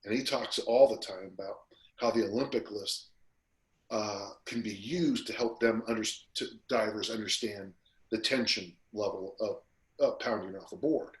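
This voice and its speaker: A man who is a strength coach, guest on a podcast interview, telling stories in a lively, casual way and acting out the people he quotes. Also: on the low side, normal speed. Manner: animated storyteller who acts out quotes. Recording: roomy echo.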